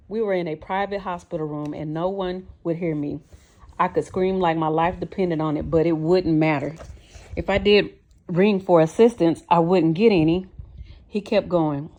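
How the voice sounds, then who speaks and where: A woman's voice: on the low side, fairly even intonation, normal speed, a little mellow. Woman narrating a memoir audiobook. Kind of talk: first-person memoir narration.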